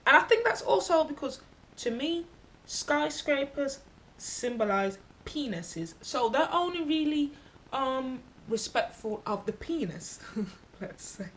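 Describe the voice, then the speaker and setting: A woman with a bright, fairly high voice tells the story of a solo trip. She speaks candidly and bluntly, swears freely, and acts out the people she met along the way. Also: slow, slight background noise. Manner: candid and expressive, acting out other people in her stories. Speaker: travel vlogger. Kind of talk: casual travel vlog storytelling.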